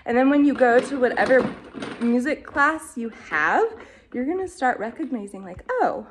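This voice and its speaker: A woman's voice: high-pitched, expressive, moderate pace, slight background noise. A woman giving a casual home music lesson, enthusiastic and passionate, singing note syllables as she explains, filmed on a phone with her baby nearby. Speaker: music teacher. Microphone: phone camera.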